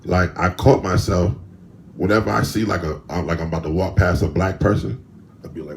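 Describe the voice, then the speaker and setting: A man's voice: low-pitched, normal speed, a little hiss or hum. A man hosting a solo podcast, telling stories in a loose, rambling, slangy way with speech. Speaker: podcast host. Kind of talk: casual solo podcast monologue.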